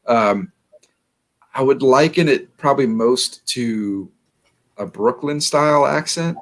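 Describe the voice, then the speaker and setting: A man from New Orleans, a guest in a casual interview, chatty and quick to laugh, often repeating his words. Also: mid-range voice, animated. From New Orleans, USA.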